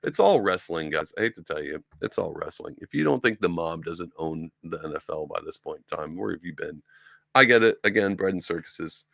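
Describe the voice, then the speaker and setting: Man, low gravelly voice, dry close sound, casual rambling commentary, sarcastic. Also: animated, a little fast, pushed and bright, dry recording. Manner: rambling, sarcastic, many ums and restarts. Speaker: podcast host. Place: room with sci-fi collectibles behind him.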